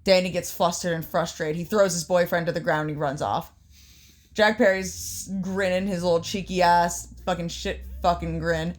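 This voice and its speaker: A woman co-hosting a casual podcast, swearing constantly as she tells a story in an animated way. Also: fairly low pitch, normal speed. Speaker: podcast co-host. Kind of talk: casual chat recapping wrestling.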